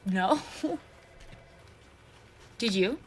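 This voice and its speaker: A woman's voice: mid-range voice, animated, very slow, a little hiss or hum. A woman in a sitcom, speaking sweetly and playfully and putting on a drawl for a party game. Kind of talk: sitcom dialogue.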